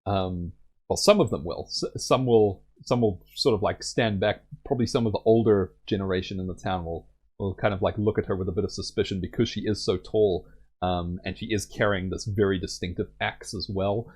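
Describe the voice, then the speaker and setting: A man's voice: low voice, fairly even intonation, fairly quick, darkish tone, slightly rough. A young man narrating a solo tabletop game in a rambling way with many fillers.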